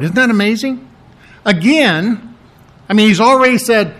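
A man preaching an expository Bible lesson, stressing key words by repeating them and clearing his throat often, with casual asides and fillers. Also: on the high side, lively intonation, moderate pace, a bit bright. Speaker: pastor.

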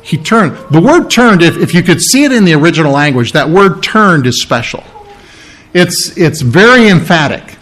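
A man's voice: fairly high pitch, very animated, moderate pace, fairly bright tone, faint music behind. A man preaching a verse-by-verse Bible sermon, talking it through conversationally, with emphatic repetition and "all right?" checks. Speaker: pastor.

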